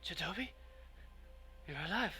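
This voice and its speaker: A man voicing a battered, tough older woman in a tabletop game, gruff and relieved to be alive. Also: sits high, lively intonation, moderate pace, bright, forceful tone, soft background music, pitched above the performer's own voice, heavily acted.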